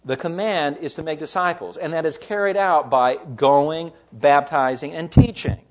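A man's voice: fairly high pitch, normal speed. A man, a pastor preaching a sermon, explaining scripture in an emphatic, teaching way.

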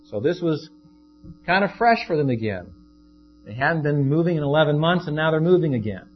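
A man's voice: fairly high pitch, lively intonation, a little fast. A man preaching a sermon as a pastor in a conversational, storytelling way. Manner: conversational, shifts into acted quotes. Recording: dull lo-fi with faint guitar.

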